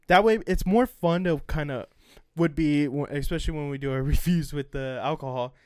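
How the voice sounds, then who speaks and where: A man's voice: fairly high pitch, normal speed, clear, resonant tone, no echo. Young man, podcast co-host, crude jokes, rambling, dry close mic. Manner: joking, crude, rambling with fillers. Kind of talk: casual chat. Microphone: studio mic.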